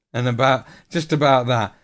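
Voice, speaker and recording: A man's voice: medium pitch, slow pace. Thirtysomething dude streaming while he paints minis, rambly jokey chat, cracks himself up. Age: 30s. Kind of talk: casual live-stream chat.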